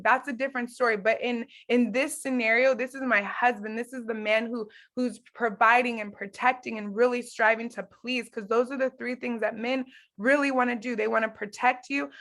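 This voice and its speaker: Earnest woman in her 30s talking marriage and faith with followers, chatty, kinda high voice, acts out little quotes. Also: a bit bright. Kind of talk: casual teaching talk to followers.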